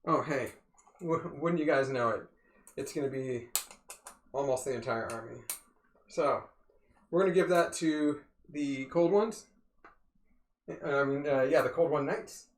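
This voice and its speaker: A man's voice: medium pitch, unhurried, long pauses, echoey room. A man casually narrating his moves in a tabletop wargame, thinking aloud and talking to viewers as "you guys". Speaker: wargame player and streamer. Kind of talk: casual play-by-play of a tabletop game.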